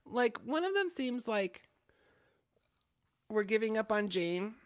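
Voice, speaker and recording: A man's voice: high-pitched, very animated, takes it slowly, dry recording, clean studio sound. A man co-hosting a podcast, playfully reading out choices from a choose-your-own-adventure book and joking with his friend. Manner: playful, jokey, talks through choices. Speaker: podcast co-host playing a gamebook.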